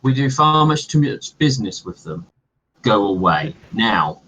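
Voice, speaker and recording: A man voicing a gruff male sailor gang leader who talks bluntly and dismissively. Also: lowish voice, sing-song, measured pace, a bit bright, a little hiss or hum, pitched below the performer's own voice. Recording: dull lo-fi recording.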